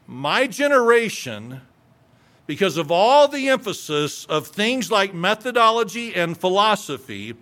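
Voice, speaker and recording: A man's voice: high-pitched, fairly bright tone. A middle-aged male pastor preaching a sermon, building his points through strings of rhetorical questions and emphatic repetition.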